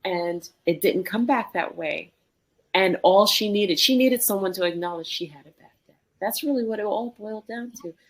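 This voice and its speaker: A woman co-hosting a podcast, telling a personal story in an animated way and acting out the dialogue. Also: medium pitch, moderate pace. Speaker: podcast co-host. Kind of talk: conversational storytelling.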